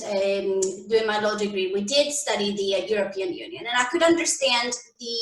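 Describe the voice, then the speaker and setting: A woman's voice: fairly high pitch, fairly bright tone, distant mic. A young woman from Canada, speaking as a guest in an interview, thoughtful and hesitant, with fillers and restarts. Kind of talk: conversational interview. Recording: echoey room, a bit off-mic.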